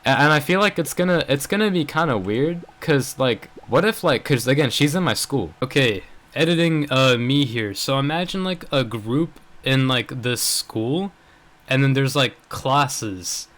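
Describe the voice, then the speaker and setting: A man's voice: medium pitch, expressive, a little slow, fairly bright tone. Rambling young man venting to camera. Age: young adult. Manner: rambling, filler-heavy, frequent "bro" and "like"; frustrated and venting. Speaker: vlogger. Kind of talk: casual storytelling vlog.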